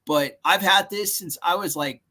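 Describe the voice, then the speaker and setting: A man's voice: high voice, moderate pace, sharp tone. Goofy Californian man telling stories. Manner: goofy, rambling storyteller. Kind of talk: casual chat.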